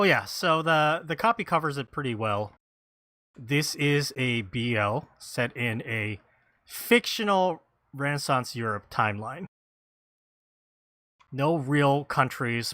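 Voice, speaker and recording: A man hosting a casual podcast, reading credits and blurbs in a halting, self-deprecating way. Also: mid-range voice, bright, forceful tone, no room sound, studio quality. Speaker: podcast host.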